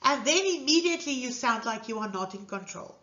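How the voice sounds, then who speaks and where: Lively high-voiced woman giving a lesson. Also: fairly quick, echoey room, highs cut off. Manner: earnest, emphatic, coaching. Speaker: teacher trainer. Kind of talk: instructional lecture.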